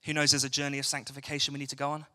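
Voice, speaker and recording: This young English preacher talks rapid-fire in a monotone at a medium pitch, his tone sharp. He delivers a chatty, jokey evening sermon in a church hall and asks the congregation questions.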